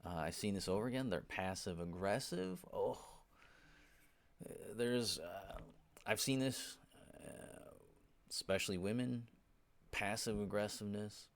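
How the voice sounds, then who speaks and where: A man's voice: lowish voice, animated, unhurried, vocal fry. A man giving an informal Bible teaching, often checking in with "right?" and "you know", and turning emphatic when he urges his listeners. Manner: grows emphatic when exhorting.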